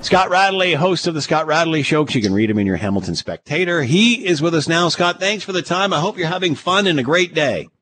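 A man's voice: fairly high pitch, fairly quick, hardly any pauses, slight background noise. A man hosting a radio show, chatting casually and joking with a fellow host. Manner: jokey, animated when introducing guests.

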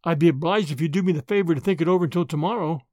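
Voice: mid-range voice, very fast, a little mellow, no echo, clean studio sound, natural voice. A reader voicing a brash, confident young man with an American accent, blunt and persistent. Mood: persuasive. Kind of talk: audiobook character voice.

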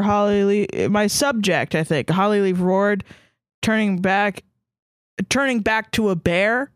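Woman co-host reading silly fan fiction aloud, slow and theatrical, dead-dry close mic. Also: medium pitch, smooth, dry recording. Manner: dramatic read-aloud, giggling, slow and deliberate. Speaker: podcast co-host.

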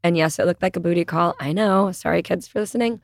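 Middle-aged woman, podcast guest, slight vocal fry, dry close mic, animated raconteur. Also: on the low side, quick pace, no echo. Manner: animated storyteller, acts out quoted dialogue. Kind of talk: casual storytelling chat.

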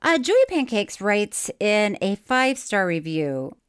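A woman's voice: medium pitch, very animated, measured pace, clear, resonant tone. A woman co-hosting a chatty podcast, laughing often and reading listener mail aloud with quirky emphasis on odd words. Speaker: podcast co-host. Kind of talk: casual podcast chat.

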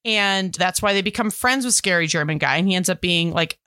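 A woman with a bright, forward voice co-hosts a casual movie podcast. She talks in an animated way and acts out lines she quotes. The sound is dry and close. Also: lowish voice, fairly quick, dry recording. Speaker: podcast co-host. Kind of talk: casual chat about a movie.

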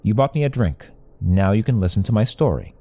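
A smirking, tipsy young woman who calls herself the devil, voiced by a male storyteller. She talks amiably with a sly, mocking edge. The voice is low and warm, with lively pitch swings. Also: brisk. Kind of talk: storytelling narration.

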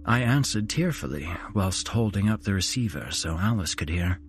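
A man hosting a horror podcast, narrating a first-person story in an unhurried, dramatic storytelling way. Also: low voice, animated, husky. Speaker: host and narrator.

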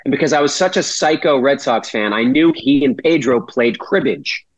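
A man's voice: medium pitch, moderate pace, no echo. A man from Massachusetts, a podcast guest telling a rambling story and swearing freely. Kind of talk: casual storytelling. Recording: dull dry lo-fi audio.

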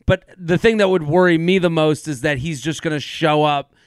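A man chatting as a podcast co-host, his voice sitting a little high and sounding smooth and clean. He rambles and jokes, laughing easily between points. The recording is dry, with no room sound at all. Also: fairly even intonation, moderate pace, dry recording. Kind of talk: casual chat.

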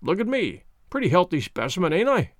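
A man reading a storybook voices a rough male Klondike dog musher with slow, drawling, plain-spoken speech. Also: high-pitched, very animated, dry recording, clean studio sound.

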